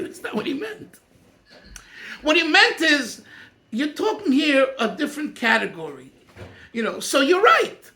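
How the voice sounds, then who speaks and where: Bright high-voiced rabbi teaching emphatically. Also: male voice, big pitch swings, moderate pace. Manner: emphatic, thinking aloud, restarts often. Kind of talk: animated Torah class discussion.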